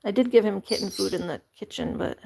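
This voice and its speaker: A woman's voice: medium pitch, fast talker, vocal fry, mellow, a little hiss or hum. A woman vlogger chatting casually, giggling and cooing at her animals while caring for them. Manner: giggly, coos at pets, chatty. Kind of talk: casual chat to camera and animals.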